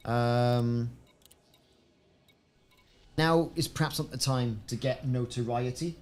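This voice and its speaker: A man's voice: mid-range voice, slow pace. A man casually commenting on his gameplay, chatting to friends and often repeating words as he goes. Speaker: gaming video host.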